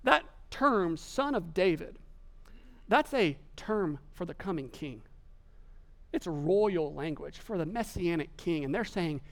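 High-voiced preacher, animated. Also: male voice, moderate pace. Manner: animated storytelling, voicing characters in quotes. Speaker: pastor. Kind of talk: sermon.

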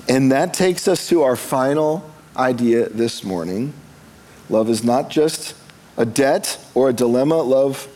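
A pastor preaching conversationally. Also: male voice, medium pitch, mellow, a little hiss or hum. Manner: conversational, with humorous asides. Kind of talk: sermon.

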